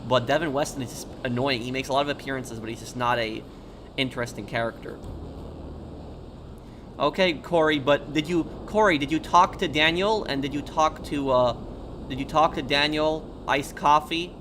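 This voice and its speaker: A man streaming a video game, chatting casually with viewers in a relaxed, halting way. He sounds a little tired. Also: mid-range voice, background noise. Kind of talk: live stream chat, answering viewers.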